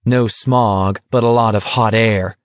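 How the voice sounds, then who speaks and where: A stubborn young man from a quiet small town answers flatly and tersely, as a male narrator voices him. The voice stays close to the reader's own. The sound is dry, with no room around it. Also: fairly low pitch, a little slow, dry recording, close to an everyday voice.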